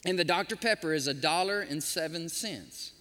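A pastor delivers a storytelling sermon, animatedly performing the voices of the people in his tales. His voice is on the high side and moves at a moderate pace, with the sound of a big room around him.

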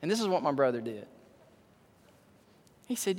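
A man preaching a sermon and telling a story, animated, swinging from loud to hushed, in a church sanctuary. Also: a little high, moderate pace. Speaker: pastor. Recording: long hall reverb.

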